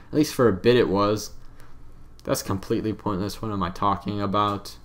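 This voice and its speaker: A man's voice: on the low side, steady tone, moderate pace. A young man giving casual, rambling commentary over his own game footage, offhand and self-deprecating. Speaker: let's play commentator.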